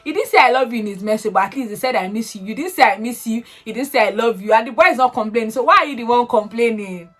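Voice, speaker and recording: A young woman chatting casually, recapping a reality show with animated, expressive swings into high excited tones. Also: fast talker, few pauses, soft background music.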